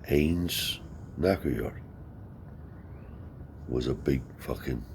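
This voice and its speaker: A man's voice: very deep voice, lively intonation, drawn-out words, slight background noise. A man telling a rambling anecdote in casual, profane speech, lifting his voice to act out the people he quotes. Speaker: storyteller.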